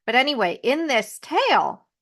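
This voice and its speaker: Chatty higher-voiced woman telling a story. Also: moderate pace. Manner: chatty, animated retelling with asides. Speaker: podcast host. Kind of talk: casual storytelling.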